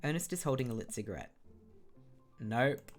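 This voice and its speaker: A woman's voice: very deep voice, lively intonation, fairly quick, soft background music. A woman with an Australian accent reading a video game aloud, with wry asides. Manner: wry asides, reads all parts. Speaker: game streamer.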